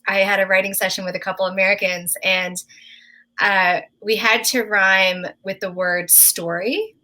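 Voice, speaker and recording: Woman singer-songwriter, Newfoundland accent, bright and friendly storyteller. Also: mid-range voice, steady tone, normal speed. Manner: friendly storyteller, laughs between lines. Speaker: country singer-songwriter guest. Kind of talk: casual interview chat.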